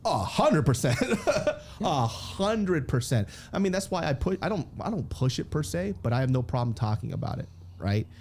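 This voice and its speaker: A comedian in his thirties talks candidly in a podcast interview, laughing often, swearing freely and acting out the quotes of other people. His voice is mellow and warm, and his pitch swings widely as he tells his stories. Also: sing-song, brisk, slight background noise. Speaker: guest comedian.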